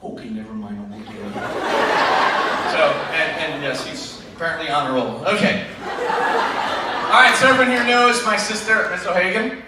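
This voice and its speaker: A man's voice: high voice, normal speed. A man in his forties, a chemistry teacher doing a self-deprecating stand-up routine with rambling asides. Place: school auditorium stage with live audience. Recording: echoey auditorium taped from far off. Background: laughing crowd and loud room noise.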